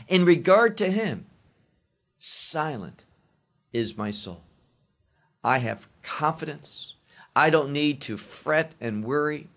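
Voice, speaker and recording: A man preaching a sermon, teaching slowly through a psalm and dwelling emphatically on each quoted verse. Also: mid-range voice, gravelly, a bit bright.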